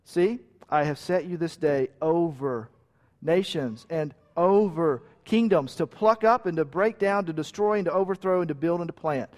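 A man preaching a sermon with emphatic repeated lists, sometimes dropping to a quiet hush. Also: a little high, normal speed. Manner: drops to a quiet hush at key points. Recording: long reverb of a large hall.

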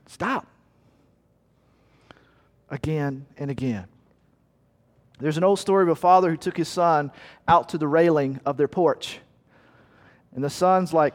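Pastor, man, fairly high voice, earnest, emphatic, storytelling, long hall reverb. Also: moderate pace, long pauses. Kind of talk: sermon.

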